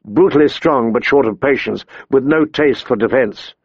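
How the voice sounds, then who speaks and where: A man reading an audiobook in a measured, steady storytelling manner. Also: medium pitch, breathy edge, no room sound, dull audio. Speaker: narrator. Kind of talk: audiobook narration.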